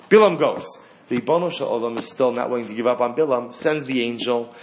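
A man teaching a Torah class, animated, asking rhetorical questions and acting out the lines of the story. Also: medium pitch, fast talker, slight background noise.

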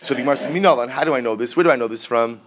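A man leads a Talmud study lesson at a steady, middling pitch. He quotes each passage, translates it, and then works through it by repeating and rephrasing his points. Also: racing, a little hiss or hum. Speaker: Talmud teacher.

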